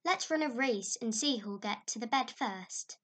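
A woman's voice: on the high side, expressive, measured pace, fairly bright tone. A woman reading a storybook, voicing a dreamy, dramatic young girl who speaks breathlessly and rapturously. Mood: dignified.

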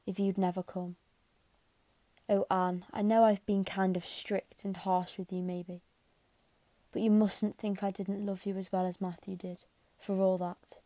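A woman voicing a stern older spinster who speaks softly and haltingly, with a flat, mellow voice. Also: mid-range voice, no echo, lightly acted.

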